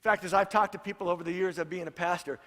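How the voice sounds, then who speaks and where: A man's voice: high voice, steady tone, racing, fairly bright tone, big-room sound. A man, a pastor, preaching a sermon in a storytelling way and repeating his points for emphasis.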